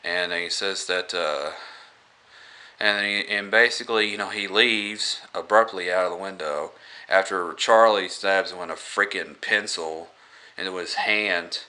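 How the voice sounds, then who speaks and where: A man's voice: sits low, a little slow, sharp tone, smooth. A man casually reviewing a film, rambling through the plot with lots of fillers and restarts. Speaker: movie reviewer.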